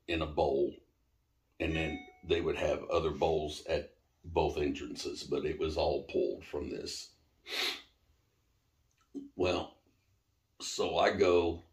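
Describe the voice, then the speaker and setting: A middle-aged man, the host's father, telling a personal story in a casual, animated way and swearing now and then. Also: very deep voice. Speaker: interviewee, father of the host. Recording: roomy echo.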